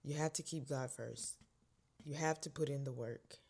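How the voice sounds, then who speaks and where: In a casual vlog, a young woman tells a story about herself, moving from hushed whispers to sudden loud moments. She has a very deep voice with a breathy edge and speaks at a normal speed.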